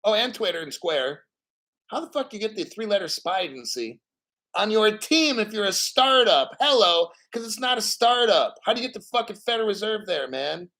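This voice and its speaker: A man's voice: high voice, expressive, normal speed, pushed and bright, low-quality recording. A man hosting a crypto livestream, ranting with heated rhetorical questions and frequent swearing.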